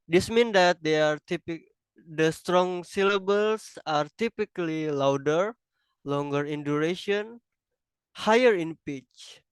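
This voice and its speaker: Slow halting man giving a class presentation. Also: fairly high pitch, clear, resonant tone, no echo, low-quality recording. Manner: halting, self-correcting, non-native phrasing. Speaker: student presenter.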